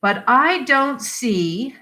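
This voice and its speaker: A woman's voice: on the high side, lively intonation, drawn-out words, sharp tone, pitched above the performer's own voice, exaggerated voice. A woman reading the part of a startled middle-aged wife who answers in short, puzzled questions.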